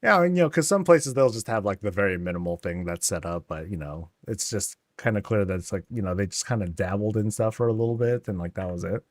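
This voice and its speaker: A man's voice: on the low side, expressive, fast, hardly any pauses, no echo, studio quality. A man streaming a game, chatting casually and rambling with many fillers as he tours homes.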